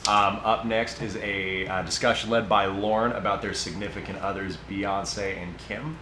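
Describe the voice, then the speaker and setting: A man hosting a casual podcast, introducing the next segment in a relaxed, offhand way. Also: fairly low pitch, moderate pace. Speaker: host. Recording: echoey room with clear background noise.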